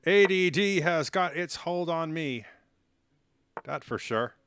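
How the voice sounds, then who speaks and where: A man's voice: fairly high pitch, lively intonation, slow, a bit bright, slight background noise. A man chatting on a live stream while playing chess, rambling and self-mocking and cracking silly jokes. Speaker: livestreamer.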